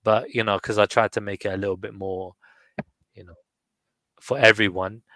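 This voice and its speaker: A man in his thirties reading his own poem slowly and chatting with some hesitant restarts. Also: lowish voice, little pitch movement, sharp tone, no room sound, low-quality recording. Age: 30s. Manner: slow deliberate recitation, hesitant restarts in chat. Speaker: poet reading his work. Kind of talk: casual online chat and poetry reading.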